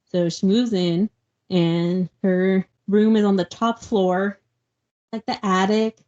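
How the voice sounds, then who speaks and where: A woman's voice: medium pitch, steady tone, slow pace, darkish tone. A woman co-hosting a book podcast, casually retelling a novel's plot in a rambling way and filling her speech with "like". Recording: dull lo-fi podcast audio.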